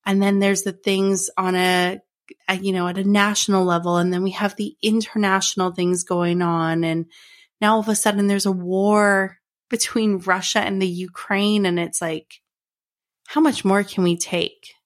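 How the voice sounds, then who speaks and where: A Canadian woman hosts her own podcast, delivering a personal monologue in a heartfelt, earnest way and repeating phrases. Her voice is medium-pitched and level, at a moderate pace.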